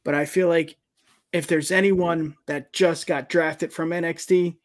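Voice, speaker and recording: A man with a somewhat high voice co-hosting a wrestling podcast. He keeps the chat upbeat and casual, with hype-man flourishes between his opinions. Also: fairly even intonation, measured pace. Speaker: podcast co-host.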